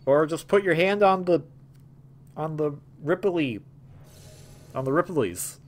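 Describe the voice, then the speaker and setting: A man's voice: fairly high pitch, lively intonation, slow, faint music behind. A young man hosting a gameplay video, rambling in a jokey way with lots of stammers and restarts. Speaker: gaming video host. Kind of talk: casual gameplay commentary.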